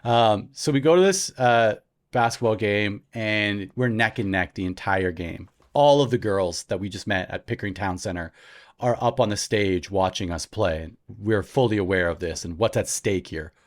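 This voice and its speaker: A man, a podcast host telling a story in a lively way and laughing often as he goes. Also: on the low side, moderate pace. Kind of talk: casual storytelling.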